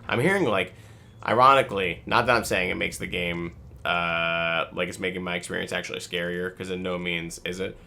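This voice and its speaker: Gravelly, low-voiced game commentator. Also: male voice, steady tone, a little fast, bright, forceful tone. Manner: rambling, many fillers. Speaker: gameplay video host. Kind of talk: casual let's play commentary.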